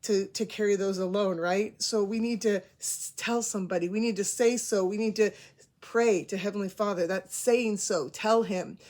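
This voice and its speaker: A woman's voice: medium pitch, steady tone, moderate pace, a little mellow. A woman in her forties hosting a casual storytelling monologue, chatty and prone to rambling. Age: 40s. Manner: rambling, self-aware, chatty. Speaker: host.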